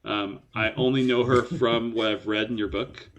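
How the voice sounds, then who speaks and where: Brief: man, poker-stream co-host, wry self-mocking banter, quick to laugh. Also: medium pitch, steady tone, fairly bright tone. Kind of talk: casual live-stream banter.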